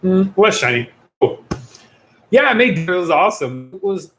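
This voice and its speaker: A man's voice: sits high, big pitch swings, moderate pace, a bit bright, reverberant, a little hiss or hum. A young man, a youth pastor, chatting casually and goofily on a livestream, rambling with jokey asides.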